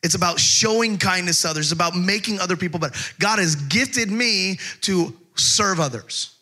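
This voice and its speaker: A middle-aged male pastor delivers a conversational sermon, sliding from funny everyday stories into slow, emphatic readings of scripture. His voice sits a little high and sounds bright and forceful. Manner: conversational storytelling with humor; slows down to stress scripture.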